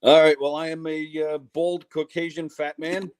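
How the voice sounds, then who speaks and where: A man with a fairly high voice, speaking as a guest on a video call from his home basement. He jokes about himself and laughs between his lines. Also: little pitch movement, normal speed, clean tone. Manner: joking, self-deprecating, laughs. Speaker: guest, comedy troupe leader. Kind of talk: casual video call chat.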